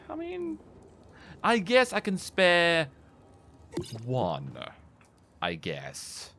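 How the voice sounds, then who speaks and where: Slow, hesitant male gamer. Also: mid-range voice, a bit bright, slight background noise. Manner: hesitant, musing, self-mocking. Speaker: gamer host. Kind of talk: gameplay commentary.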